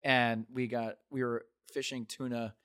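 A man's voice: medium pitch, level tone, measured pace, a bit bright. Male guest, casual storyteller, rambly delivery, drops swear words. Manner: rambling storyteller, many fillers and restarts. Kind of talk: casual chat.

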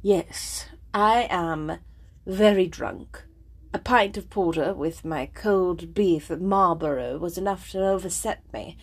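A woman reading aloud as an impassioned young gentleman suitor in a classic novel, urgent and pleading, with a husky voice. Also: on the low side, slow pace, heavily acted. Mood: forced cheer. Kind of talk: storybook reading.

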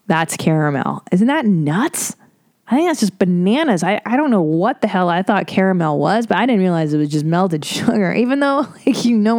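Woman podcast host, low-pitched, swearing and rambling through an animated solo chat; dry, close mic. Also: dry recording. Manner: profane, rambling, animated with sarcastic asides. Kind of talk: casual monologue.

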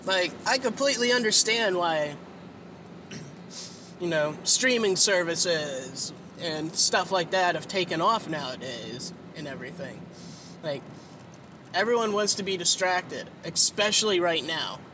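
Tired, slow-talking man in a car. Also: high voice, expressive. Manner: rambling, swears often, many fillers. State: sleepy and tired. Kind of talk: casual rambling monologue. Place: inside a car while driving. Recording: road and engine noise in a car. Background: vehicle noise.

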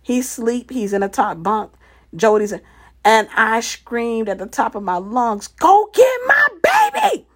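A woman's voice: medium pitch, a little slow. A woman casually telling a personal story, animatedly acting out the quoted dialogue and repeating phrases for emphasis.

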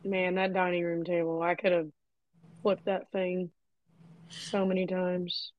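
A woman's voice: lowish voice, flat delivery, unhurried, highs cut off. A young adult woman co-hosting a podcast, telling frank, profane stories in casual chat. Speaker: podcast co-host.

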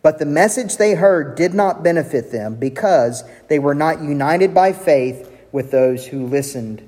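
Preacher in a reverberant hall. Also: male voice, a little slow. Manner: animated preaching, voicing God's lines with a raised pitch. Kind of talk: sermon.

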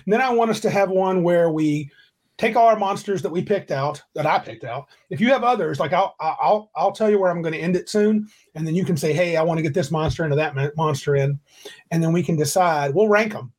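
A man's voice: fairly high pitch, brisk, a little mellow. A man hosting a casual tabletop game podcast over a video call, rambling and correcting himself as he reads rules aloud. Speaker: podcast host.

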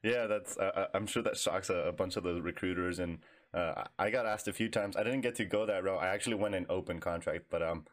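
Low-voiced dude asking questions, laid back, cusses a lot. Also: male voice, fairly quick, few pauses. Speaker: interviewer, fellow veteran. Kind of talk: casual interview.

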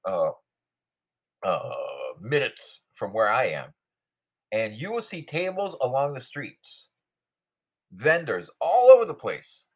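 A man's voice: mid-range voice, wildly swooping pitch, takes it slowly, pauses often. A man delivering an opinionated, sarcastic political monologue, rambling with many fillers and asides. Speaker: political commentator. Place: New York City.

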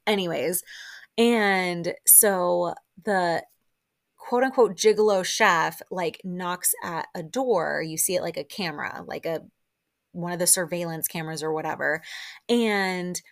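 A woman hosting a casual solo recap podcast, chatting excitedly with lots of "like" and side notes. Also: on the low side, takes it slowly, gravelly. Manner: chatty, full of "like" and excited asides. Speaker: podcast host.

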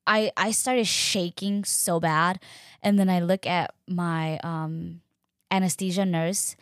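A young woman telling a personal story in a casual, animated way, acting out quoted dialogue and using lots of fillers. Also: fairly low pitch, slow, no echo, studio quality. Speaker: podcast host.

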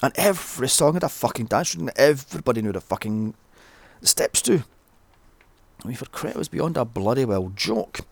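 A man's voice: medium pitch, lively intonation, fairly quick, gravelly, no room sound. A man giving a blunt, sweary, ranting film review. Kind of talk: casual solo review.

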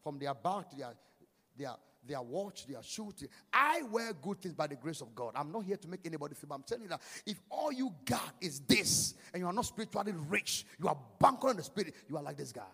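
A male pastor preaching a sermon to a congregation in a church, swinging from hushed lines to shouted, sing-song emphasis and calling for claps. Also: on the high side, very animated, fairly quick, breathy edge. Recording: long church hall reverb.

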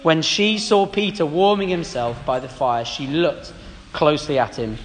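A man's voice: on the high side, a little slow, big-room sound, soft background music. A man giving a sermon, reading scripture passages aloud and commenting on them with rhetorical questions. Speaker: preacher.

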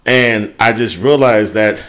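This is a man with a fairly low voice, talking in a relaxed, unfiltered way on a podcast. He swears freely and works through a rough day out loud as he chats with his co-host. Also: slow pace. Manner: candid, swears freely, talks through a hard day at length. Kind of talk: casual chat.

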